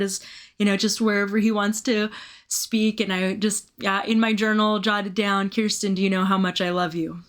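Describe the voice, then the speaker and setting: A woman co-hosts a faith podcast in a candid, conversational way. She tells stories with animated, self-mocking humor and laughs often. Her pitch sits in the middle of the range. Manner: animated storytelling, laughs at herself. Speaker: podcast co-host.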